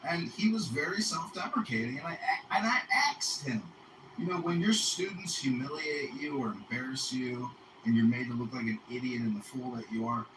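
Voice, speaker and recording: A man's voice: medium pitch, moderate pace, reverberant, distant mic, noisy background. A man in an online voice chat, rambling through profane opinions.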